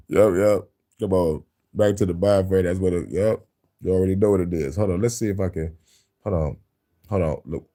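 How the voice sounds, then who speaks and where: A man's voice: deep voice, animated, moderate pace, long pauses, a little mellow. A man hosting a casual news-commentary livestream, profane and heated, laughing often between angry riffs.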